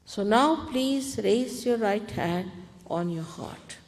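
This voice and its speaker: A woman spiritual teacher giving calm, deliberate guided meditation instructions to an audience, in an archival recording. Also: mid-range voice. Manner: calm, deliberate, gently commanding. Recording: archival talk in a reverberant hall.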